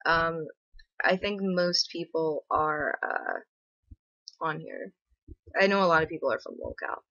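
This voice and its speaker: Young woman streamer, lowish pitch, sarcastic rambling chat, muffled dry webcam audio. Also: unhurried, pauses often, a bit bright, no room sound. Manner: rambling, filler-heavy, sarcastic. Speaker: livestream host. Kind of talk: casual livestream chat.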